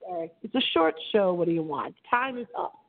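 A woman's voice: very animated, a little fast, vocal fry. Dramatic woman radio host on a phone line. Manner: dramatic, theatrical delivery with big pitch swings. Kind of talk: solo radio show monologue.

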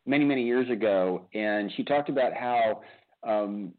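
A man's voice: fairly low pitch, normal speed. Man hosting a radio chat over a tinny line. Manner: animated, many restarts and repeated words. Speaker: radio show host. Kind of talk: casual interview chat.

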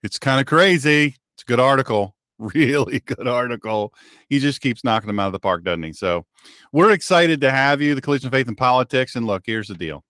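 A man's voice: mid-range voice, expressive, fast, fairly bright tone, no room sound, studio quality. A male radio show host and pastor, talking in a folksy, sarcastic monologue with a joking mock-drawl.

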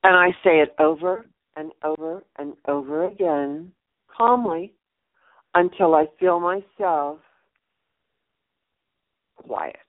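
A woman's voice: low-pitched, slow, long pauses, no room sound. A middle-aged woman hosting a radio advice show. She speaks emphatically, repeats key phrases and addresses her listeners fondly. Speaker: radio show host and numerologist. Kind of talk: inspirational radio advice talk. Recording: narrow phone-like line, dry.

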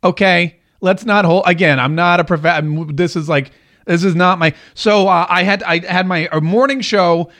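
A man's voice: high voice, fairly even intonation, normal speed, fairly bright tone. A man hosting his own radio and podcast show from a home studio, telling a rambling, self-mocking story in a joking, casual way. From Jacksonville, Florida area. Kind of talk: casual comedic monologue.

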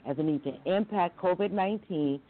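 A middle-aged woman from Long Island, a talk show guest telling her story in a candid, animated way. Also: brisk. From Long Island, New York. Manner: animated, candid, jumps into high quoted voices. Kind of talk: casual interview storytelling. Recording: tinny phone-like call audio.

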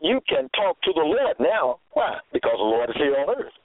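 A man preaching a sermon slowly and emphatically, his pitch swinging widely as he stresses words. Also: sing-song, no room sound. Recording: tinny phone line, dry.

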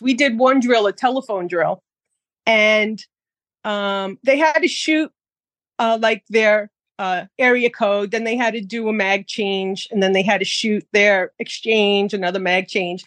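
A woman's voice: mid-range voice, a little slow, a bit bright, dry recording. A woman guest talking casually about teaching firearms classes, chatty, with frequent fillers. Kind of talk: casual interview.

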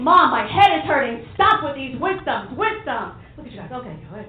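A woman's voice: on the high side, big pitch swings, fairly quick, hardly any pauses. A woman from New City, doing a stand-up comedy set with a brassy, playful manner and teasing the crowd. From New York City. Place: comedy club stage. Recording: echoey club, phone-like sound, crowd laughter. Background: audience laughing.

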